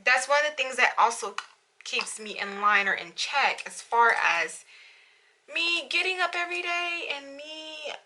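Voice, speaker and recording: A woman's voice: high voice, measured pace, pushed and bright, a little hiss or hum, low-quality recording. A young woman vlogging candidly to camera at home, emotional and fighting back tears, with lots of "you know"s. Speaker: beauty vlogger. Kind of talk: casual confessional vlog. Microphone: camera in front of her.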